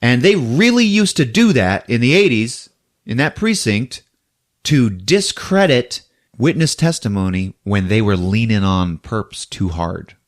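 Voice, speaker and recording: A man hosting a casual podcast, recapping a film with a lively, animated storytelling manner. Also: medium pitch, a little slow. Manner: animated storyteller, laughing, acts out scenes. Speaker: podcast host. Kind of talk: casual movie recap chat.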